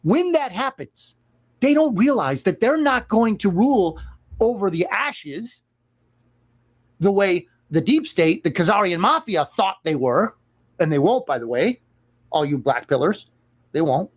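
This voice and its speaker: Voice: mid-range voice, sing-song, a little slow. A radio talk show host giving an opinionated monologue, emphatic and sarcastic, with mocking asides aimed at the people in the news.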